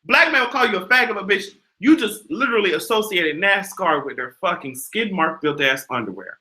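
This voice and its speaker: A young man hosting a livestream, delivering a profane, sassy and animated casual rant. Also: high voice, a little fast. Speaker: livestream host.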